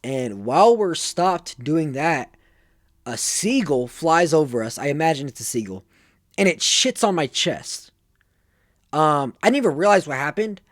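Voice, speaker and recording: A man's voice: on the high side, sing-song, a little slow, dry recording, clean studio sound. An eighteen-year-old man telling stories casually, rambling and full of fillers. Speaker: vlogger. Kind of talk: casual storytelling.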